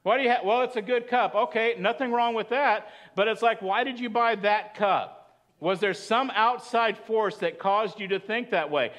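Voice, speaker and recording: A man's voice: high voice, fairly bright tone. A man preaching a sermon as pastor, chatty and asking the congregation questions. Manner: conversational, asks the congregation questions.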